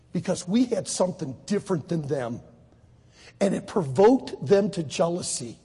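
A man preaching a sermon to high school students, telling a story with lively acted voices. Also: moderate pace, slightly rough, long reverb tail. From United States. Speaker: Baptist preacher.

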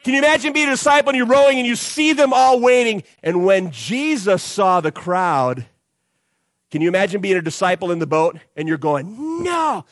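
A man preaching an animated youth sermon, acting out the disciples and crowd as he tells the story. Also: high-pitched, moderate pace, no echo. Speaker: youth pastor.

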